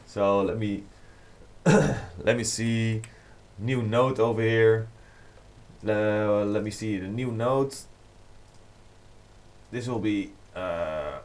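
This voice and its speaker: Slow-talking male DJ on a livestream. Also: fairly low pitch, a little mellow. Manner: rambling, many fillers, reading fan comments aloud. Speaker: DJ and producer livestreaming to fans. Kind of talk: casual livestream chat.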